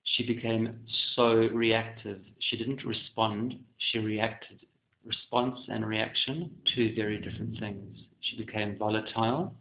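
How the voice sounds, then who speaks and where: Man from south africa, artist, theatrical and flamboyant, loud then soft, echoey room, dull lo-fi recording. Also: lowish voice, fairly even intonation, a little slow, slight background noise. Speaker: artist and muralist. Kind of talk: casual camera monologue.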